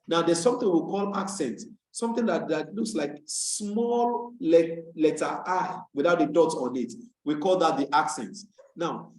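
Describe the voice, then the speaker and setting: A man with a Nigerian English accent giving an online English tutorial, repeating words and phrases slowly for emphasis. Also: on the high side, a little mellow. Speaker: English teacher. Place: home room on a video call. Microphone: computer mic on a video call. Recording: echoey video-call audio.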